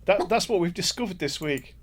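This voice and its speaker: A man's voice: high voice, lively intonation, fairly quick, slightly rough. A man co-hosting a podcast, reacting dryly and teasing his partner, sometimes stumbling over words. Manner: teasing, dry reactions, stammering restarts. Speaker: podcast co-host. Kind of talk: casual chat.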